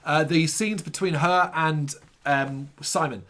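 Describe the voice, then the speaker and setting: A man with a slightly high voice co-hosts a casual film review podcast. He talks sarcastically, swears freely and drops mocking asides. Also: slow, fairly bright tone. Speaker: podcast co-host.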